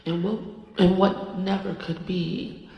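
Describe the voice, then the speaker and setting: A woman in her forties channeling the goddess Isis in a slow, solemn, drawn-out voice. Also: fairly low pitch, fairly even intonation, vocal fry, muffled recording. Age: 40s. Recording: echoey room, long reverb, faint music.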